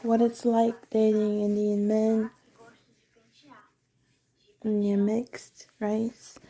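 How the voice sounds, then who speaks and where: A woman's voice: medium pitch, completely flat delivery, very slow, mellow. A woman talking in a casual, meandering personal monologue, candid and often correcting herself mid-sentence.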